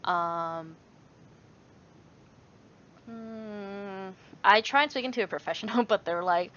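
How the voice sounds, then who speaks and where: In a loose vlog, a young Canadian woman responds to viewer questions in an unhurried, mid-range, fairly bright voice with long pauses. Her talk wanders, full of fillers and restarted sentences, and she laughs often. The audio sounds a bit dull and lo-fi.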